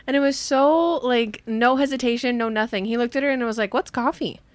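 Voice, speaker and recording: A woman's voice: a little high, fairly quick, no room sound. A young woman co-hosting a podcast in casual chat, enthusiastic and giggly, with frequent "like" fillers. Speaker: podcast co-host.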